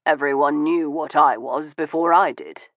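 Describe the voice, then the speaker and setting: A man voicing a weary, bitter Victorian gentleman. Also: on the high side, normal speed, no echo, lightly acted. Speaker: audiobook voice of a male character. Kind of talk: audiobook dialogue reading. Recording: dull, dry studio audio.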